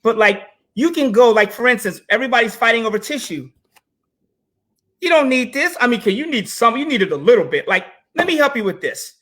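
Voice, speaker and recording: Animated man telling stories, bright voice. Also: very high-pitched, a little fast. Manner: animated, storytelling, addresses viewers directly. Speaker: co-host. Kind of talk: casual panel talk.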